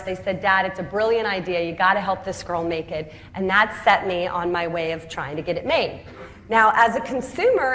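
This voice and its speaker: A woman telling the story of how she built her business, lively and laughing at her own anecdotes. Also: medium pitch. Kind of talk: storytelling talk. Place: home city Atlanta.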